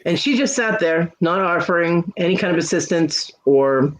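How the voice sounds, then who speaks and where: A man's voice: on the high side, animated, moderate pace. A man hosting a casual livestream chat, telling stories candidly and swearing freely. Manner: candid, swears freely, acts out quoted lines. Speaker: livestream host. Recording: dull lo-fi stream audio.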